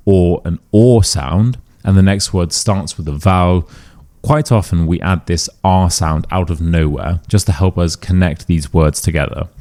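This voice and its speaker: A man with a British accent teaching pronunciation, repeating phrases slowly for learners to copy. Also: deep voice, warm tone. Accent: British English. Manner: slow repeated modelling of phrases. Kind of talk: pronunciation lesson.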